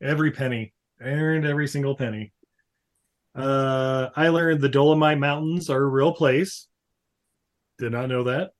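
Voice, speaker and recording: A man hosts a casual podcast, steering the talk with quick jokes. His voice sits mid-range and relaxed. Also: mid-range voice. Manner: joking, steers the segment with quick asides. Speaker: podcast host. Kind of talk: casual chat.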